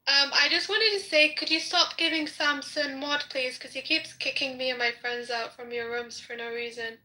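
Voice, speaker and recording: A woman's voice: high voice, steady tone, moderate pace, pushed and bright, low-quality recording. A woman in a live audio chat room, bluntly asking the host to stop a moderator.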